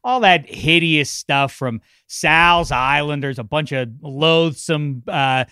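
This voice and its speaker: A man's voice: on the high side, slow pace, bright, forceful tone, clear, resonant tone, no room sound, studio quality. A male podcast co-host ranting with mock indignation in casual chat.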